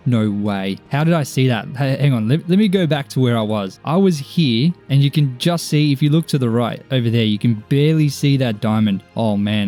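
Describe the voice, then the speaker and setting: Excitable Australian man narrating gameplay. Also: medium pitch. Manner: excitable, exclaiming and talking to viewers. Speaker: gaming YouTuber. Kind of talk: live gameplay commentary.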